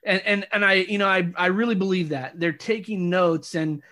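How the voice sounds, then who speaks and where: A man with a somewhat high voice co-hosts a casual interview podcast. He reflects aloud, often restarting his sentences as he works through his thoughts. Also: steady tone, bright, forceful tone. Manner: reflective, halting, many restarts. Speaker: podcast co-host.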